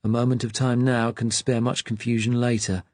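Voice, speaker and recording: Man doing a slow, sad old registrar. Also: medium pitch, vocal fry, darkish tone, slightly rough, no room sound, pitched above the performer's own voice. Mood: reproachful. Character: old male registry clerk, fussy and mournful.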